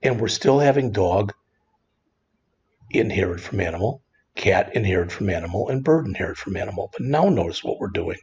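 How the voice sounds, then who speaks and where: A man teaching a screen-recorded programming lesson in a relaxed, conversational way, often saying "all right". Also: lowish voice, fairly quick, husky, highs cut off. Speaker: programming instructor.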